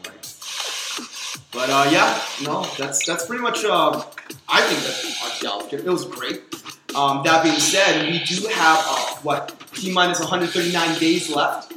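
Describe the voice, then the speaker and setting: A man hosting a casual podcast, upbeat and keeps calling out to his listeners. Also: a little high. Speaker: podcast host. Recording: roomy room with loud music behind.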